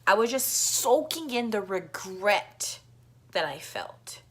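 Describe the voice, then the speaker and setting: A woman tells a story to her vlog audience in a loose, rambling way. Her speech is thick with filler words and casual swearing, and she coughs now and then. Her voice sits at an ordinary middle pitch for a woman. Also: big pitch swings, takes it slowly, fairly bright tone, breathy edge. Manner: rambling, full of "like" fillers, profane. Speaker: vlogger.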